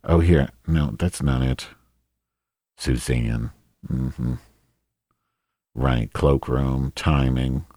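A man's voice: rumbling low, steady tone, very slow, pauses often, warm tone, slightly rough, no room sound, studio quality. A man hosting a solo podcast in a rambling, profane, self-deprecating monologue. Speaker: podcast host.

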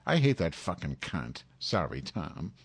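A man's voice: deep voice, big pitch swings, a little slow, husky. A man hosting a live online show, cursing constantly and exasperated with his technical setup. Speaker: livestream host. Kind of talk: frustrated casual livestream chat.

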